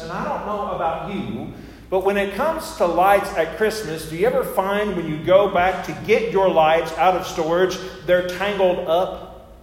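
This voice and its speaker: Chatty male pastor in an echoey church. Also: high voice. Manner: chatty and storytelling, with asides and self-mocking humor. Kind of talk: conversational sermon. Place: church sanctuary. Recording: echoey church hall with faint noise.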